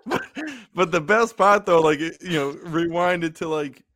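A man's voice: on the high side, a little slow, a bit bright. A man co-hosting a podcast, chatting in a loose way full of fillers and interjections. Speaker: podcast co-host. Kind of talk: casual chat.

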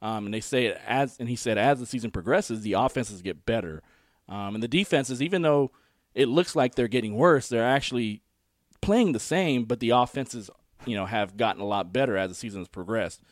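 A man's voice: medium pitch, lively intonation, brisk, no room sound, clean studio sound. A man co-hosting a casual sports podcast, explaining his points earnestly with frequent ums and you-knows. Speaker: podcast co-host.

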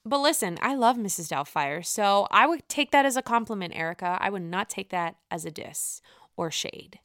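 A woman's voice: mid-range voice, lively intonation, normal speed, fairly bright tone, no echo, clean studio sound. A woman giving casual solo commentary as a reality TV fan, chatty, gushing and freely swearing.

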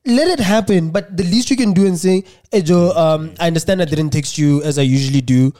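A man from South Africa co-hosting a podcast, asking gentle and caring questions in a casual chat. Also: on the high side, fairly quick. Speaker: podcast co-host.

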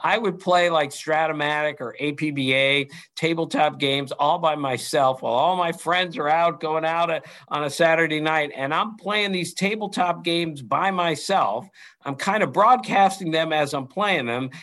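Man, middle-aged, animated storyteller, bright forceful voice, fairly high pitch. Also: normal speed. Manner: animated anecdotes, quotes others in lively voices. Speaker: interview guest, baseball writer. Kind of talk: storytelling in an interview.

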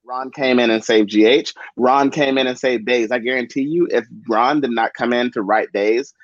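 A man co-hosting a podcast, chatting casually about soap operas in animated, emphatic bursts. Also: mid-range voice, moderate pace, no room sound, highs cut off. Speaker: podcast co-host.

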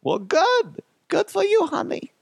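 A high, sing-song mother's voice, fussing and doting over her child in a comically coddling way, as a man puts her on. The tone sits far above his natural register and sounds altered from his usual timbre. The recording is dry and close. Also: huge pitch swings, unhurried, creaky, no echo, exaggerated voice. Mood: mock-coddling. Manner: coddling, crude punchlines. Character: doting, fussy middle-aged mother.

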